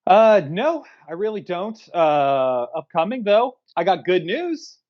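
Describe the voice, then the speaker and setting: A man's voice: high-pitched, sing-song, slow pace, highs cut off. A man co-hosting a film review podcast, blunt and profane, chatting casually. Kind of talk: casual chat.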